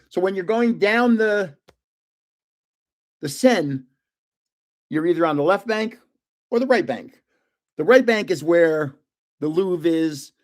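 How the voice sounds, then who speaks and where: Older New man, rambling and high-voiced. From New Jersey. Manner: rambling, with frequent restarts and trailing asides. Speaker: live stream host. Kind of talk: casual storytelling.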